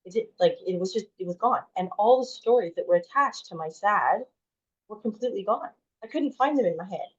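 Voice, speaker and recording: A woman's voice: medium pitch, expressive, brisk. A woman in her forties, a podcast guest telling a personal story in a chatty way, full of "like" and restarts. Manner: chatty, heavy use of "like", frequent restarts. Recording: dull lo-fi audio.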